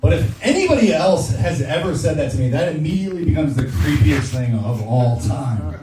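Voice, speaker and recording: A man's voice: fairly high pitch, sing-song, brisk, crowd noise. A young man doing a stand-up set in a comedy club, crude, rambling and self-mocking. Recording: roomy club sound from a distance.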